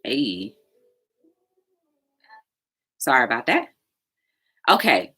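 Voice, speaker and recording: A woman with a low, bright, forceful voice talks straight to her audience as a show host. She tells a story in a loose, conversational way, full of fillers and quick acted-out quotes. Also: very animated, husky. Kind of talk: solo talk-show commentary.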